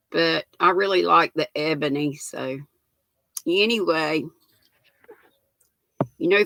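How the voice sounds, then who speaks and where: An older Southern woman from North Carolina hosts a live stream, chatting in an unhurried, folksy way and greeting viewers by name. Her voice is bright with a gravelly edge, recorded close and dry. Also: mid-range voice, dry recording. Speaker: livestream host. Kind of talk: casual live-stream chat.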